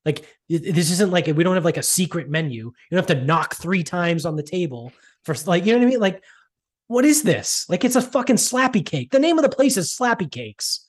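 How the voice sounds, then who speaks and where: Casual storytelling rant, profane, mocking, exasperated, mid-pitched voice. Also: very animated, brisk.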